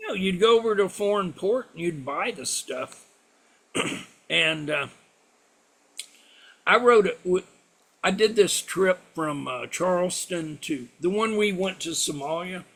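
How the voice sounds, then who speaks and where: A man's voice: high voice, animated, unhurried, gravelly, long pauses, a bit bright. A middle-aged man, a former sailor, telling salty, profane stories in a casual interview. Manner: salty, profane yarn-spinner. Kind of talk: casual storytelling.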